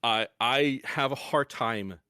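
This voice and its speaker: A man's voice: medium pitch, slow, bright, forceful tone, clean tone, no echo, clean studio sound. A young man hosting a podcast, explaining in a casual, rambling way with frequent restarts. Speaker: podcast host.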